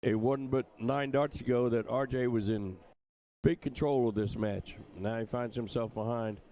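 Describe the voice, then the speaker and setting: A man's voice: medium pitch, moderate pace, dark tone. An older man from England commentating live on darts, in a chatty, joking way. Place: streaming booth at a dart tournament.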